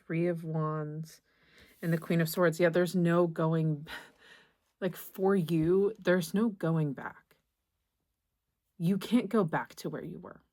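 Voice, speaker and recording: Low-voiced gentle woman tarot reader. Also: steady tone. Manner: gentle, reassuring, halting with many restarts. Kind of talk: tarot reading to camera.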